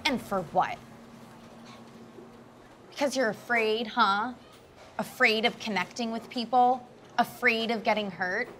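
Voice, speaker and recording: A young woman playing an impulsive, excitable young woman who becomes a hitman's partner, talking in rambling, needling bursts. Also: a little high, measured pace, pauses often, slight background noise. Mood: accusing, heated. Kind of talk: web series drama acting.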